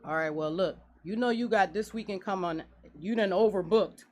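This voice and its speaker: A woman in her forties, a guest business owner in a radio studio interview, talking in an earnest, animated way. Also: medium pitch, moderate pace, slight background noise. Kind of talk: casual interview talk.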